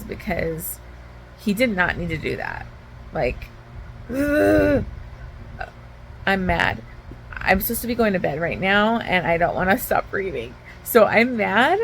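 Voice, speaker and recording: A woman's voice: fairly low pitch, vocal fry, fairly bright tone, slight background noise, rough recording. A woman book vlogger at home, giving a candid, heated retelling of a novel in a casual reading vlog, with lots of "like.".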